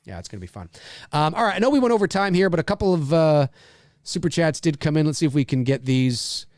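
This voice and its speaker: A man's voice: on the high side, animated, fast talker, darkish tone, no room sound, clean studio sound. A middle-aged man from Canada co-hosting a live commentary show, talking in a rambling way full of restarts. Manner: rambling, restarts with "you know". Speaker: podcast co-host.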